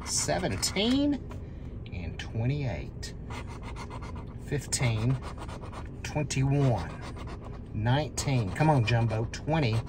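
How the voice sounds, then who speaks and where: Slow-talking scratch-off host. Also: medium pitch, noisy background. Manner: counts numbers aloud, bursts into excited shouts at wins. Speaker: scratch-off lottery channel host. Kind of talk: calling numbers while scratching lottery tickets.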